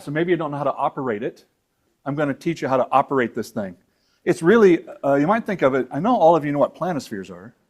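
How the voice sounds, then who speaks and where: A man teaching astronomy to a club audience in a conversational, rambling way with fillers and asides. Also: medium pitch. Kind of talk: lecture to an audience. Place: meeting room with audience.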